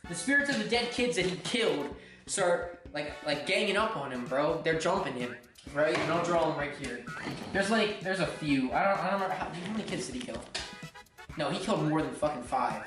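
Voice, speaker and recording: A young man rambling profanely and excitably through a comedic retelling of game lore, sounding drunk. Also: a little high, brisk. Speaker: host. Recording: echoey room, far from mic, faint music.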